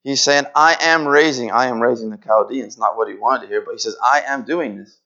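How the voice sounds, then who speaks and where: A man's voice: mid-range voice, fairly quick, gravelly, sharp tone, highs cut off. A man preaching a sermon in an earnest way, repeating phrases and acting out pleading prayers.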